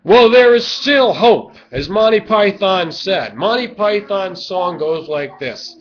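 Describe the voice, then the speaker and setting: A man ranting in a rambling vlog monologue, swinging from low mumbles to loud, drawn-out shouting. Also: animated. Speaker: vlogger. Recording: dull lo-fi webcam audio.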